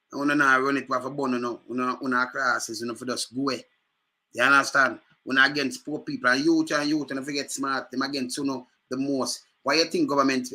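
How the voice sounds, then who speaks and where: A man's voice: medium pitch, sharp tone. Fiery older Jamaican man ranting. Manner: fiery, repetitive, drops into patois. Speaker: commentator. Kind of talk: impassioned political rant.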